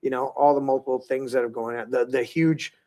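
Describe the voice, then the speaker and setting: A man's voice: medium pitch, fairly even intonation, a little fast, a little mellow. A man hosting a political talk podcast, rambling in a loose, swearing, casual way. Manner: rambling, swears freely, restarts often. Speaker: podcast host.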